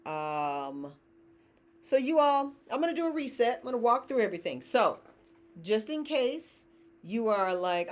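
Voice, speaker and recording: Middle-aged woman, founder hosting a live sale, very expressive, chatty and laughing. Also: a little high, measured pace. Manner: chatty, laughs often, reads viewer comments aloud. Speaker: company founder hosting live shopping stream. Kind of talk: casual live-stream chat.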